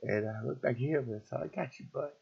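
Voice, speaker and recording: Middle-aged man, husky and raw, telling a painful story in fits and starts; muffled lo-fi recording. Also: medium pitch. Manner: halting, repetitive, raw. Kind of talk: emotional personal story. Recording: dull lo-fi recording.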